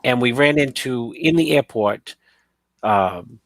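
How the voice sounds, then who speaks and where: A man telling a story in a casual talk show, halting and repeating words as he goes. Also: mid-range voice, expressive, no echo. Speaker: show panelist.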